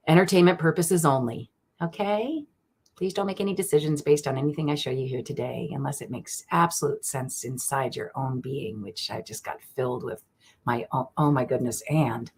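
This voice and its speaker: A woman hosting a live-stream psychic reading. She chats excitedly with viewers by name and slows into solemn invocations. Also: very deep voice, husky. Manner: slow solemn invocation prayers. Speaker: online psychic reader. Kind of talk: live-stream divination chat.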